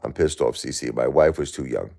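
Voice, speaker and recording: A man's voice: very deep voice, brisk, creaky, mellow. A man in his forties, a livestream host, talking heatedly and repetitively in an emotional chat with a viewer.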